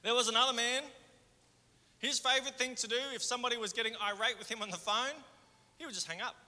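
A man preaching a sermon in a conversational way, moving between fervent and hushed. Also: very high-pitched, fairly even intonation, quick pace. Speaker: pastor. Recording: hall reverb.

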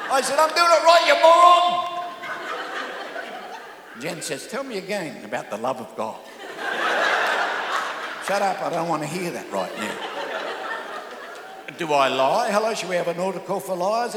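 A man's voice: sits high, fairly bright tone. An older man preaching a humorous sermon as pastor, telling jokey stories with stammering restarts. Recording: echoey hall.

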